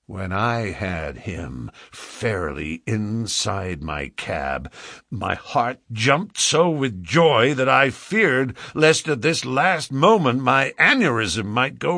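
A man's voice: mid-range voice, pushed and bright, husky, dry recording, studio quality. A man reading a classic novel aloud as dramatic first-person narration. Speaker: audiobook narrator.

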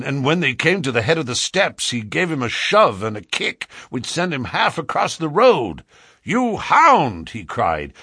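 A man's voice: mid-range voice, vocal fry, sharp tone, slightly rough, no room sound, clean studio sound. A man reading a classic novel aloud as dramatic first-person narration. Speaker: audiobook narrator.

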